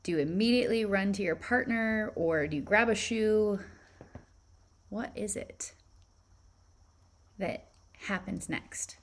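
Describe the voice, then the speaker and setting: A woman teaching spirituality, leading listeners through a guided visualization with calm, reflective questions. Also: mid-range voice, takes it slowly, pauses often.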